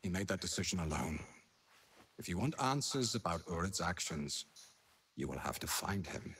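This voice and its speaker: An actor with a British accent playing a stern, measured male leader who speaks formally in aphorisms. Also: low voice, very animated, fairly bright tone, husky, full character voice. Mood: solemn.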